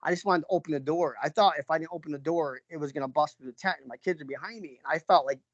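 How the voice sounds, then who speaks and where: A man's voice: fairly high pitch, racing, no room sound. Rambling man from New York, lo-fi. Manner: rambling, many fillers and restarts, frequent throat clearing. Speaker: interviewee, father recounting an encounter. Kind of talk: casual spoken storytelling. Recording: dull lo-fi recording.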